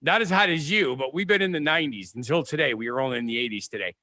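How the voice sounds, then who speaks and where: A man from the American Midwest co-hosts a casual chat, telling rambling stories and restarting his sentences. His voice is bright and a little higher than most men's. The sound is dry and close, as on a video call. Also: rapid-fire, no room sound. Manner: chatty, storytelling, self-interrupting. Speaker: podcast co-host.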